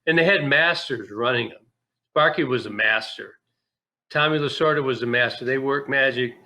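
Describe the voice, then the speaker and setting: A man recalling his playing days in a relaxed interview. His voice is bright and forceful. He tells it candidly, in a folksy way, stumbling over restarts as the memories come. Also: mid-range voice, normal speed. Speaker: guest, former pro ballplayer. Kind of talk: casual interview storytelling.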